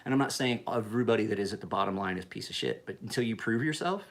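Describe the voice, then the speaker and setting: A man's voice: on the low side, lively intonation, racing. A man in his forties ranting casually in a home vlog, heated and full of profanity. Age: 40s. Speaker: knife sharpener vlogger.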